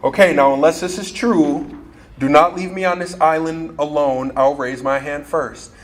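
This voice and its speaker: A man's voice: a little high, moderate pace. A man giving a motivational keynote speech to a staff audience in a large event room, telling stories and joking with the crowd. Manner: animated storyteller, joking with the audience. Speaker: keynote speaker.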